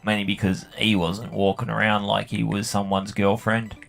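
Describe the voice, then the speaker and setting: A man's voice: on the low side, little pitch movement, normal speed, vocal fry, a bit bright, faint music behind. A man telling a long, profane story about work while he plays a game. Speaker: gaming channel host. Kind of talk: rambling anecdote while playing a game.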